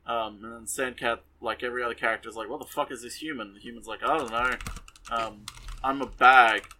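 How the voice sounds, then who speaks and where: A man's voice: mid-range voice, steady tone, quick pace, pushed and bright, a little hiss or hum, poor audio. A man casually recapping an anime episode for a podcast, sarcastic and exasperated, rambling with many fillers.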